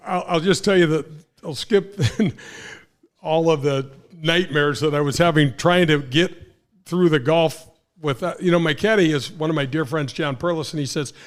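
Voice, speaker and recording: A man in his sixties from St. Louis hosts a relaxed talk show, spinning animated anecdotes and slipping into the voices of people he quotes. His speaking voice sits a bit high for a man. He stumbles and restarts now and then as he goes. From St. Louis, Missouri. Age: 60s. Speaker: host, former pro golfer. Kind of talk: casual storytelling chat.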